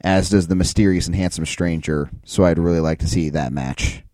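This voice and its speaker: Man, very low voice, dark and mellow tone, dry close sound, relaxed podcast chat. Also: moderate pace, dry recording. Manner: laid-back, hedging with questions. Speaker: podcast co-host. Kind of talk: casual chat.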